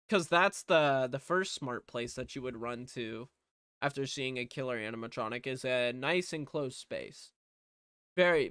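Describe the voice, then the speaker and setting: A man's voice: medium pitch, pushed and bright, clear, resonant tone, no room sound, clean studio sound. A man casually recapping a horror movie's plot as a reviewer, swearing freely and tossing in offhand sarcasm. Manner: profane, offhand, jokey sarcasm.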